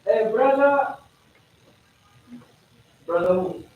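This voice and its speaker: An extremely high-pitched, animated man speaks extremely slowly, with phone-quality sound, giving students an instructional talk at a school congress. He's interactive, often asking "are we together?", and playfully acts out examples and jokes, heard through a distant mic in an echoey hall with some noise.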